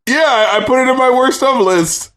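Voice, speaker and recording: A young man co-hosting a podcast in casual chat, animated and laughing, often trailing off and restarting. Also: very high-pitched, moderate pace. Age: young adult. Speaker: podcast co-host.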